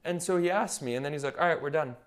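A young nurse anesthetist guesting on a podcast tells his stories with animation, imitating the words of the people involved. His voice runs a little high and he speaks quickly.

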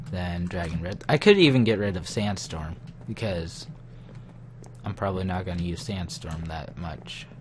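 Slow, low-voiced young man playing a game. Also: noisy background. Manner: muttering, easily frustrated, self-talking. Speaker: gaming channel host. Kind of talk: casual game commentary.

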